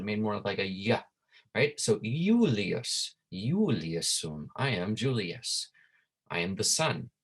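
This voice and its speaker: A man teaching a Latin class online, who reads Latin lines slowly and ends nearly every phrase with "right?". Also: on the low side, a bit bright, slightly rough. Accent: Canadian. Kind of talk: online lesson.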